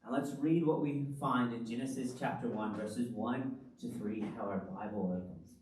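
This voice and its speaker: A man preaching a sermon as pastor, in an animated, conversational style full of rhetorical questions. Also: mid-range voice, moderate pace, a little hiss or hum. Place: church hall. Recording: very echoey hall, from the far mic.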